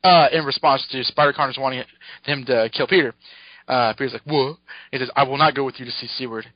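A man co-hosting a podcast, recapping a comic in casual chat, excited, laughing often and acting out the characters' lines. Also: medium pitch, quick pace, no room sound. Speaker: podcast co-host. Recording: dull lo-fi podcast mic.

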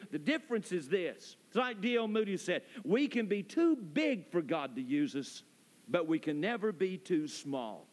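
A man preaching a sermon as pastor, building emphasis through repetition. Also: high voice. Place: church sanctuary. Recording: long reverb of a church hall.

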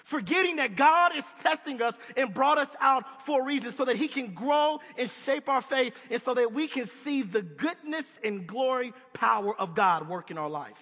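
A man's voice: extremely high pitch, lively intonation, moderate pace, few pauses, bright, forceful tone. A man preaching a sermon in a conversational, emphatic way, putting questions to his listeners. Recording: long hall reverb.

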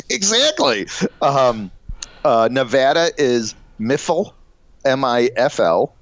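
A middle-aged man co-hosting a casual comedy podcast, rambling and halting with lots of fillers and chuckles. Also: medium pitch, no room sound. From Illinois. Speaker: podcast co-host. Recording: dull, dry lo-fi podcast audio.

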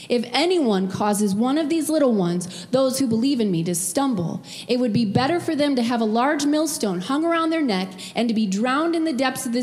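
A middle-aged woman pastor preaches a heartfelt sermon, her voice sitting a little high. She tells personal stories and grows tearful at times. The sound carries a long hall reverb. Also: darkish tone. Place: church sanctuary.

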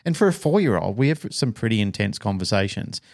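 This is a middle-aged man with an Australian accent, talking casually as a podcast co-host. He tells a personal story in an animated way and lends the people in it their own voices. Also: on the low side, quick pace, vocal fry.

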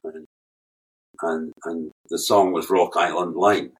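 A man's voice: low-pitched, takes it slowly. An older Scottish man, a guest musician, telling rambling anecdotes with laughter and swearing. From Scotland. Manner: animated storyteller, laughs often, swears freely. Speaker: guest keyboard player. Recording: distant from the mic.

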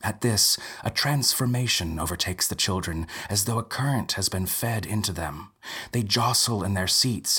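Husky guy narrating a creepy story, soft and half whispered, slow. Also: sits low.

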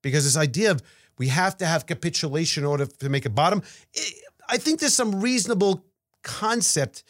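A man's voice: fairly high pitch, brisk, no room sound, studio quality. A man co-hosting a podcast, chatting casually about markets with rambling restarts and repeated words. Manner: rambling, stammering restarts, animated. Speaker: podcast co-host.

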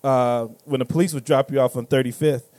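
A man's voice: medium pitch, fairly quick, dry recording. A young man telling a story in casual chat, laughing often and acting out the people in it. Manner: animated storyteller, laughs often, acts out quotes.

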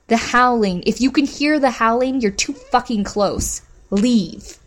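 A hostile young woman who commands a pack of dogs snaps out every line with open contempt. Her voice comes out raised and louder than the narration around it, as a woman reading the story plays her. She sounds ready to fight. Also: on the high side, measured pace, pitched above the performer's own voice, close to an everyday voice. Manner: harsh, contemptuous, swearing. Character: foul-mouthed, hostile young woman dog handler.

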